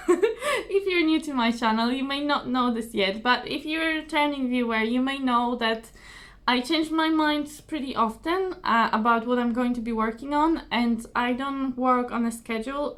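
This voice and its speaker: Young woman, high voice, slightly hoarse, chatty crafting vlog host, self-deprecating, lots of ums and repeats. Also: moderate pace, fairly bright tone. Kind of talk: casual chat to camera.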